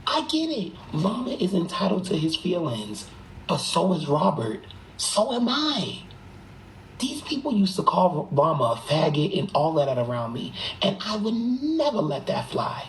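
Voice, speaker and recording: A live streamer talking at home into a phone, in rapid, emphatic and profane gossipy livestream chat, sometimes hushed. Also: medium pitch, slight background noise, low-quality recording. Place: room at home.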